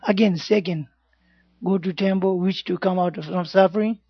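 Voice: mid-range voice, fairly even intonation, normal speed, slightly rough, dry recording. A Buddhist teacher giving an informal class talk in simple broken English, often checking in with "yeah?" and "you know". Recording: dull lo-fi recording, dry sound.

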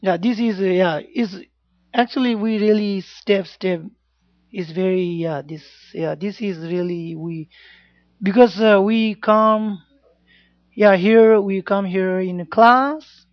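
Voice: medium pitch, slow pace, no room sound. Dharma teacher in simple broken English. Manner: simple broken English, frequent checks like "yeah?" and "you know". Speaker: Buddhist teacher. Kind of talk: informal Dharma class talk. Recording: dull lo-fi recording, dry sound.

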